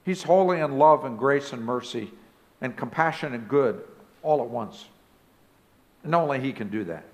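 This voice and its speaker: A man preaching a sermon as pastor of a church. He speaks emphatically and rises now and then to loud exclamations. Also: medium pitch, expressive, normal speed. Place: church sanctuary.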